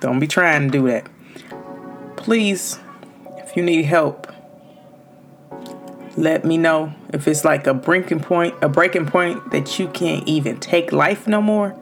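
Low-voiced woman podcasting loud and direct, aave, faint music under her. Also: takes it slowly, pauses often. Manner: loud, emphatic and direct, speaking straight to listeners. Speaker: podcast host. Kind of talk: motivational podcast talk.

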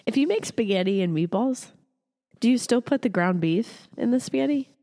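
A woman's voice: a little high, animated, normal speed, dark tone, long reverb tail. A woman co-hosting a podcast in casual chat, laughing and teasing a lot, and sick right now. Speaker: podcast co-host.

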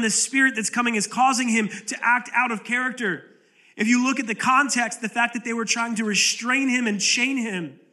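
Man, pastor, impassioned sermon, high voice, quiet low drops for emphasis. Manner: acts out quoted pleas with rising intensity. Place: church sanctuary.

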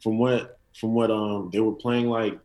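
Low-voiced man rambling casually. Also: flat delivery, unhurried, a little mellow, a little hiss or hum, poor audio. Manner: loose, slangy, rambling storytelling. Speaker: podcast guest. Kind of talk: casual sports podcast chat.

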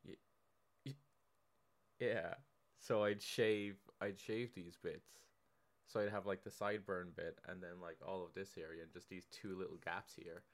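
A young man co-hosting a casual podcast, telling slow, rambling stories full of fillers. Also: deep voice, fairly even intonation. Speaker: podcast co-host. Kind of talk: casual banter.

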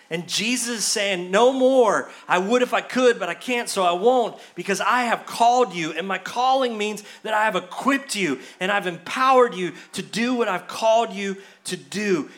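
Male pastor, high bright voice, lively church sermon that dramatizes the excuses he quotes. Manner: animated preaching, acts out quoted excuses in a higher voice. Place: church sanctuary.

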